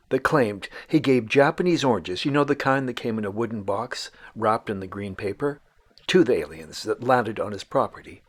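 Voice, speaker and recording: A man hosting and narrating a documentary-style outdoor show in a measured, dramatic storyteller manner. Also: fairly low pitch, husky. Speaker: host.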